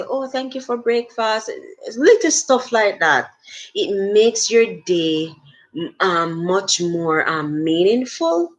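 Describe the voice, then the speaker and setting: A middle-aged woman hosting a casual motivational livestream, talking earnestly and chatting with many fillers and restarts. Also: fairly low pitch. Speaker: livestream host.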